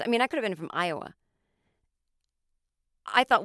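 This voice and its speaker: An American woman hosts her podcast with a comic storytelling monologue, animated and loose, acting out the people she quotes. Her voice is smooth and clear, at an ordinary pitch for a woman. The sound is dry and close to the mic. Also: normal speed, dry recording. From United States. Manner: animated, swears freely, acts out quotes. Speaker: podcast host, comedian.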